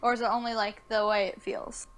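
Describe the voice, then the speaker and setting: A woman's voice: mid-range voice, little pitch movement, fairly quick, a bit bright, clean tone. A woman playing a tabletop game over online voice chat, inquisitive and playful. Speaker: player.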